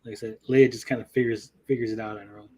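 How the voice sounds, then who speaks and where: A man's voice: lowish voice, steady tone, quick pace, mellow, slightly rough, rough recording. A man co-hosting a casual review chat, blunt and profane, often mimicking characters. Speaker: podcast co-host.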